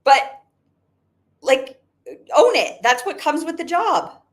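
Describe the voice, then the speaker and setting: In a high, very animated voice, a young adult woman takes her time through an emphatic motivational talk. She runs a network marketing business, repeats herself, and uses "like" often.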